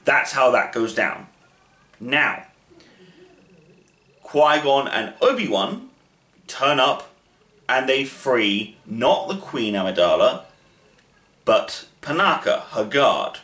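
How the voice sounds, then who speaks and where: A man's voice: medium pitch, big pitch swings, takes it slowly, long pauses, sharp tone. A man casually retelling a story in his own way, chatty and rambling, with asides and fillers. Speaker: channel host. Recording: roomy echo.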